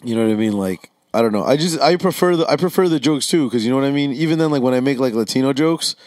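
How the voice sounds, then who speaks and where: A man's voice: mid-range voice, quick pace, dry recording, studio quality. A man in casual podcast banter, telling stories animatedly and acting out quotes with frequent laughs. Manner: animated storyteller, acts out quotes, laughs often. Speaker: podcast co-host.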